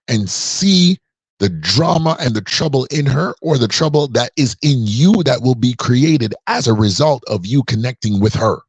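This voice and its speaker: A husky, fairly high-pitched man of about forty delivers an emphatic, preachy opinion monologue on a podcast, recorded dry. As a commentator, he stretches out his key words for emphasis.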